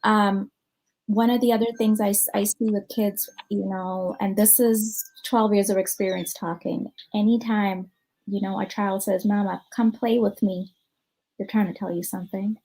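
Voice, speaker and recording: A woman's voice: medium pitch, steady tone, normal speed, dark tone, low-quality recording. Chatty American woman psychologist on a call. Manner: conversational, thinks aloud with many ums and you-knows. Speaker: clinical psychologist. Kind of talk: conference talk answering questions.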